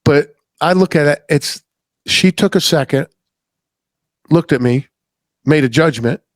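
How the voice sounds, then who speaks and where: A man's voice: on the high side, unhurried, no room sound. A middle-aged man hosting a podcast, telling a story in a blunt, rambling, folksy way and swearing freely. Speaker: podcast host. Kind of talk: casual storytelling chat.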